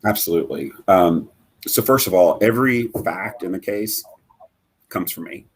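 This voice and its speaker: A middle-aged man telling a personal story as a guest in a live interview, halting and earnest, with many fillers and restarts. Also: deep voice, slightly rough. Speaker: guest, bereaved father.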